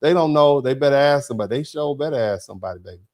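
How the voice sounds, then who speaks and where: A man hosting a livestream, reading out and thanking people from the chat. His voice sits at an ordinary middle pitch. He talks in a folksy, rambling way, circling back and repeating words for emphasis. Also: animated, racing, a little mellow. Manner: folksy, calls listeners baby and bro. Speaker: host reading viewer chat.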